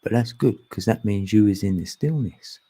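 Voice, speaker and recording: A man's voice: on the low side, moderate pace, dark tone, husky. A man talking casually and ramblingly as a channel host, often laughing. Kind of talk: casual spiritual chat. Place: long live stream.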